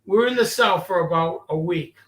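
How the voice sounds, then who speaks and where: A man's voice: high-pitched, normal speed. A man telling stories from his past in casual chat, acting out the other people in the story. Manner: animated, acts out quotes in the story. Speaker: storyteller guest. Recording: echoey room.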